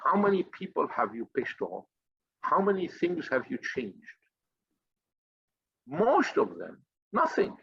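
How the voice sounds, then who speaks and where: A man with a husky, slightly breathy voice delivers a fiery, profane motivational rant, blunt and combative. The recording is dry and close, with a dull, somewhat lo-fi sound. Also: on the high side, wildly swooping pitch, measured pace, long pauses, no room sound. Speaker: finance group leader. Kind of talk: impassioned motivational monologue.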